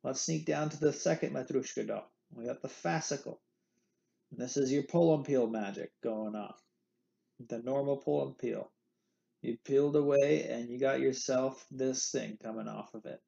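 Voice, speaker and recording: A man's voice: mid-range voice, gravelly, dark tone, lo-fi sound. A man teaching an anatomy lecture in a playful way, repeating the key terms. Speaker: anatomy instructor. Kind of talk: recorded lecture.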